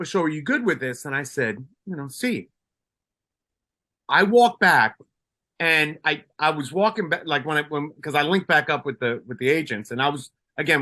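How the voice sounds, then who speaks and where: A man's voice: a little high, bright, forceful tone. A retired police sergeant from Colombia, a man, telling a story in a casual interview, with many restarts and fillers.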